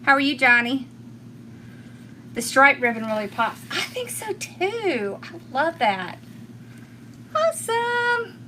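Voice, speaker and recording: A woman's voice: sits high, lively intonation, a little slow, bright, forceful tone, slight background noise. A middle-aged woman with a Southern accent from rural Georgia, chatting with viewers as she demonstrates a craft, laughing often and thanking people by name. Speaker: craft tutorial host.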